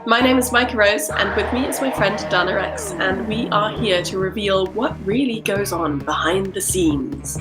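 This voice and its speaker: A woman's voice: mid-range voice, normal speed, hardly any pauses, loud music behind the voice. Woman co-host, singer-songwriter, reflective casual chat, mid-range voice. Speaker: podcast co-host.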